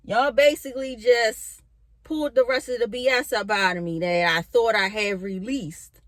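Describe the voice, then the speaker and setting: A young woman vlogging from her bedroom, telling a spiritual story in a casual, animated way, full of fillers and casual swearing. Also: medium pitch, a little slow, no room sound, clean studio sound. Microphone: camera in a bedroom.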